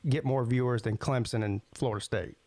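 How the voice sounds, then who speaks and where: A man's voice: medium pitch, fairly even intonation, brisk, darkish tone, no echo. A man co-hosting a sports podcast, easygoing and reasoning aloud with hesitant fillers. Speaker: podcast co-host. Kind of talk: casual sports talk.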